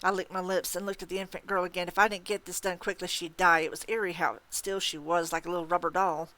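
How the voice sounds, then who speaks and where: A woman hosting a story time, reading a novel aloud in a calm, steady storytelling manner. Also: lowish voice, quick pace.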